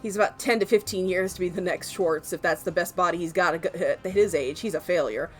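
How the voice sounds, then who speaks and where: A woman's voice: lowish voice, brisk, soft background music. A woman streaming a video game, chatting playfully and joking about the characters. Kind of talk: casual gaming commentary.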